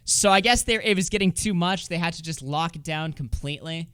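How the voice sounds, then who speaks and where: A man's voice: a little high, brisk, fairly bright tone, smooth, no echo, studio quality. A man doing casual livestream commentary, swearing freely and sarcastic, reading comments aloud. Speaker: streamer.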